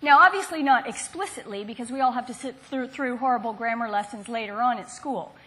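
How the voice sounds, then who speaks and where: High-pitched woman lecturer from the southern US, engaging, quizzes the room. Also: brisk, sharp tone. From Southern United States. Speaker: university lecturer. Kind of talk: university lecture.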